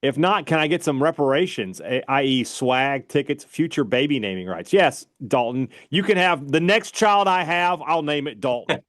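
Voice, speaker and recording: A man's voice: a little high, expressive, normal speed, few pauses, fairly bright tone, dry recording. Laid-back Southern man, dry close sound. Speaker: podcast co-host. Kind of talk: casual sports chat. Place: radio studio.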